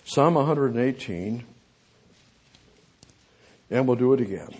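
Husky male preacher giving a sermon, moves between loud pleas and quiet asides, reads scripture slowly. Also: medium pitch, expressive. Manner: swings from loud pleading to quiet, drawn-out reading of scripture; rhetorical questions to the congregation.

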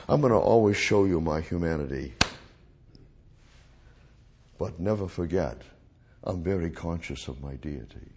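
Male Bible teacher, gravelly and unhurried; reads a verse, then repeats it in plain words. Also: sits low, darkish tone.

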